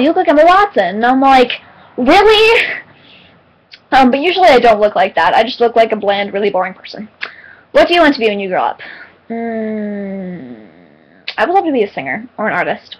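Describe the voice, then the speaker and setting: A woman's voice: on the high side, low-quality recording. Giggly chatty teen girl vlogger. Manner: chatty and giggly, many ums, excitable retellings. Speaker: vlogger answering viewer questions. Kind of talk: casual chat.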